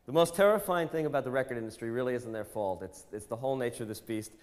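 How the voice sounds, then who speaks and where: A man who writes and produces songs, talking candidly and wryly, his phrases sinking low at the ends. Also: long reverb tail. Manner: fast, wry, trailing low at phrase ends. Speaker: songwriter and producer. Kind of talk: candid interview monologue.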